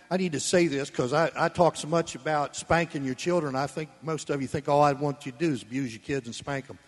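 A man preaching a sermon, blunt and folksy, swinging between loud emphasis and soft asides. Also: a little high. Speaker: pastor. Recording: long reverb of a church hall.

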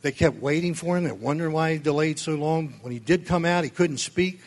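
High-voiced, fervent male preacher. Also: fairly quick. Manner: fervent, emphatic preaching that swells to near-shouting; folksy, with chuckles and asides. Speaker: pastor. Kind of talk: sermon.

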